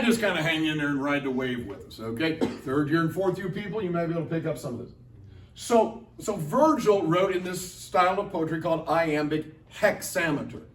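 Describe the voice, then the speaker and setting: A middle-aged Latin teacher and translator with a fairly high voice gives a playful, conversational talk to students, constantly tossing questions at the audience. Picked up by a distant mic, his voice echoes through a large convention hall over slight background noise.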